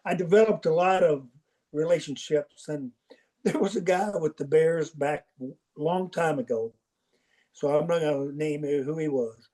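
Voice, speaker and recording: A man's voice: fairly high pitch, measured pace, mellow. An older man, a football coach as podcast guest, telling folksy anecdotes and acting out the dialogue in them. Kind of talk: storytelling interview.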